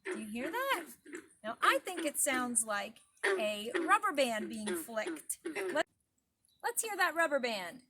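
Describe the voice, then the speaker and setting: A woman leads a preschool storytime by a garden pond, her high voice swooping up and down as she talks to little kids. A faint hiss of outdoor noise sits behind her. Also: slow pace. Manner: animated, sing-song teacher voice addressing small children. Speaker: children's librarian leading storytime.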